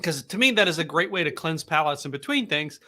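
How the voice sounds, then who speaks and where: Bright, forceful man telling stories. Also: a little high, fast talker. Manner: animated anecdotes, stumbling restarts. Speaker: podcast co-host. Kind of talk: casual chat with storytelling.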